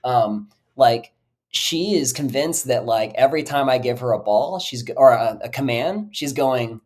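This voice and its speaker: On his laid-back dog training podcast, a man tells rambling, animated stories stuffed with "like" and the occasional swear word. His voice sits in the mid range and moves a little slowly.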